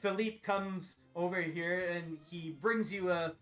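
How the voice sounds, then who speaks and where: A man's voice: high-pitched, fairly even intonation, unhurried, a bit bright. A man narrating a tabletop game as game master, chatty and full of fillers, often laughing.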